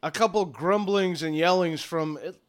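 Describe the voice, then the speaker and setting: A young man narrating as game master and hosting a podcast, relaxed and chatty with filler words. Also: on the high side, moderate pace, slight background noise.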